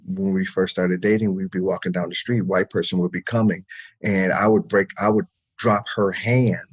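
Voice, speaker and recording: A man's voice: deep voice, breathy edge. A man, a therapist and podcast guest, telling a story in casual interview talk, emphatic, with many restarts, repeated words and swearing.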